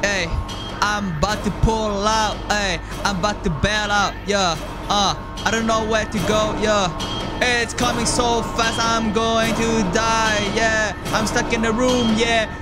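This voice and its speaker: A man giving jokey, excitable commentary while playing a horror game, often yelping and screaming. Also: sits high, measured pace, over loud music. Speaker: gaming YouTuber.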